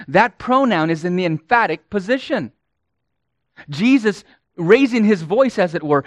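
A man preaching a sermon as pastor, slow and emphatic, rising and falling in volume for emphasis. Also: sits high, lively intonation, no echo.

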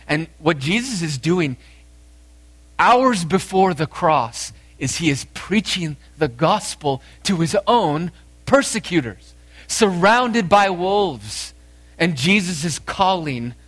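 Animated male preacher. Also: on the high side. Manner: animated preaching, acts out the dialogue. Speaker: pastor. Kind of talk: sermon.

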